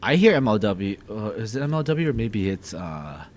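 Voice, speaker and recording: A man's voice: on the low side, sing-song, normal speed. A man co-hosting a podcast, giving casual, emphatic opinions on wrestling storylines. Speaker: podcast co-host. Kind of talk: casual wrestling recap chat.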